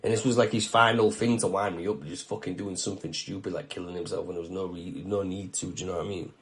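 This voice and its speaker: Young guy telling a story, low-ish voice, swears a lot, keeps saying "you know what i mean". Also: fairly even intonation, fast. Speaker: video show host. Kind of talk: casual storytelling monologue.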